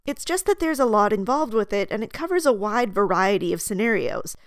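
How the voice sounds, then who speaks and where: A woman hosting her own video essay, reading a measured, articulate scripted commentary. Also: mid-range voice, expressive, dry recording, clean studio sound.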